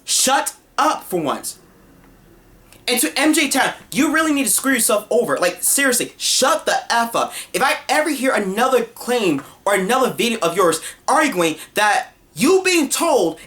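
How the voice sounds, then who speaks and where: A woman's voice: high voice, animated, moderate pace, fairly bright tone. A woman delivering a heated, scornful rant as an online commentator, repeating her points and talking over herself. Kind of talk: ranting vlog monologue.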